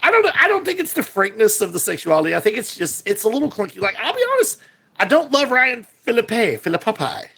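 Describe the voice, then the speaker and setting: This is a man co-hosting a relaxed movie podcast. His pitch leaps around constantly, from excited highs to muttered lows. The voice has a gravelly, husky texture. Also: fast talker. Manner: animated, jumps between high excited bursts and low asides. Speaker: podcast co-host. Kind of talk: casual movie podcast chat.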